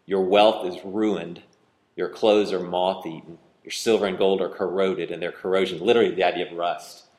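A man's voice: low voice, steady tone, moderate pace, a little mellow, reverberant. A man preaching a sermon, reading scripture aloud and arguing over it with growing intensity. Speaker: pastor.

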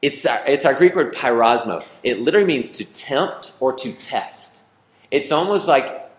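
A man preaching a sermon as pastor, animated and playful, with joking asides to his congregation. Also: mid-range voice, normal speed, roomy sound.

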